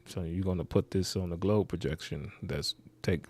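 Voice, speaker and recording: A man's voice: deep voice, moderate pace, darkish tone. A man hosting a reaction video, rambling and skeptical, muttering asides as he comments.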